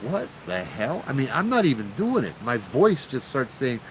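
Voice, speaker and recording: A man tells a ghost story from his own life in loose, slangy talk. He is lively and acts out the people in the story. His voice sits at an ordinary pitch, with faint crickets chirping behind him. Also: normal speed, a little hiss or hum, poor audio. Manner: animated and slangy, acting out what people said. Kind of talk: casual spoken ghost story.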